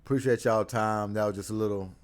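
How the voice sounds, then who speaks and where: A man with a very low voice talks through basketball trade news in a loose, animated monologue. He jumps between hype and grumbling, with laughs and whoops along the way. It sounds like a solo sports commentary host talking straight to his viewers. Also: a little fast. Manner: animated, laughing often, with sudden loud whoops. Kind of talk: casual sports talk monologue.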